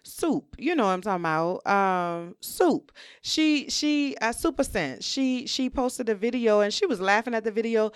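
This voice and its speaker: A woman hosting a solo podcast, talking candidly and reflectively in a relaxed conversational way, often saying "you know". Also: a little high, moderate pace, hardly any pauses, clean tone, no echo, clean studio sound. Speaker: podcast host.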